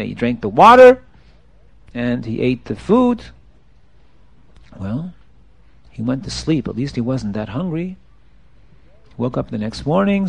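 Gravelly high-voiced male storyteller. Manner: animated, asks the listeners questions. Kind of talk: oral storytelling to listeners.

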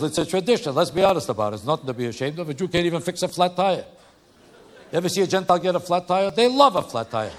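A male stand-up comedian doing a routine with punchy, animated joke delivery. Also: high voice. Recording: noisy live recording.

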